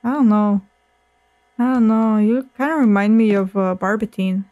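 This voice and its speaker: A woman hosting a video game playthrough, chatting casually with crude jokes and sudden loud outbursts. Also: medium pitch, moderate pace, phone-quality sound, a little hiss or hum. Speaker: gaming video host. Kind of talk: casual let's play commentary.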